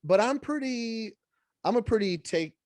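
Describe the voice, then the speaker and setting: A man's voice: extremely high pitch, lively intonation, a little slow, darkish tone, no echo, studio quality. A man in his thirties co-hosting a podcast, telling a story in casual chat and jumping into quoted voices. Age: 30s. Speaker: podcast co-host.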